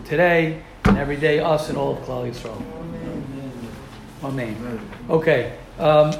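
A man teaching a religious ethics class in an animated way, asking rhetorical questions and repeating himself for emphasis. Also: fairly high pitch, gravelly, slight background noise. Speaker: Torah teacher. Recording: roomy echo.

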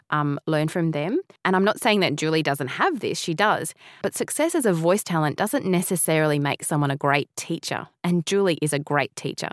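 A woman's voice: deep voice, no echo, studio quality. A woman former voiceover student giving an earnest, appreciative testimonial. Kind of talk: scripted testimonial.

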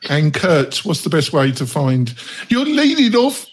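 A man's voice: fairly high pitch, sing-song, a little slow, slightly rough. A man hosting a roundtable podcast, talking in a chatty way with many fillers. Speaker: podcast host.

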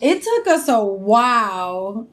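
A woman's voice: fairly high pitch, big pitch swings, fairly bright tone. A woman co-hosting a podcast, chatting casually with a friend and laughing often. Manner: chatty, laughing, drawn-out phrasing. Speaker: podcast co-host. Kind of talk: casual chat.

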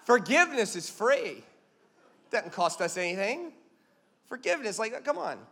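A man's voice: high-pitched, big pitch swings, measured pace, bright, forceful tone, breathy edge, long reverb tail. A man preaching a sermon as a pastor, emphatic and punchy, telling stories with jokes.

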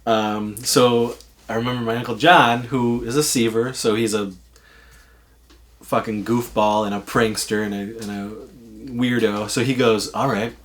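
A man's voice: medium pitch, fairly even intonation, measured pace, fairly bright tone. Casual male storyteller, rambling and loose, swears freely. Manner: rambling, swears, lots of fillers.

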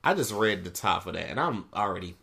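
A man hosting a casual podcast, reading a sports ranking list out loud and laughing and swearing at the results. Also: low voice, lively intonation, fairly quick, creaky, husky. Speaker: podcast host.

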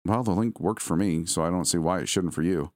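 A man's voice: low-pitched, fairly quick, darkish tone, no echo, clean studio sound, lightly acted. A man voicing an awkward, quirky young husband in a story, talking in a hesitant, defensive way. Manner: stammering, defensive.

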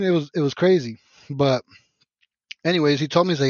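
A man's voice: on the high side, fairly quick, dry recording. A man from Mexico telling a rambling, profane story in casual podcast chat, full of restarts. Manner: profane, rambling, animated retelling with many restarts. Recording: dull lo-fi podcast audio.

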